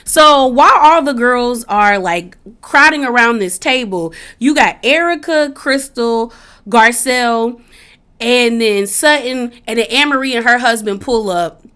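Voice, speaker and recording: Bright-voiced chatty woman recapping TV. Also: fairly high pitch, unhurried, smooth. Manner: chatty, animated, laughs often; casual slangy speech. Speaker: reality TV recap vlogger. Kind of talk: casual commentary.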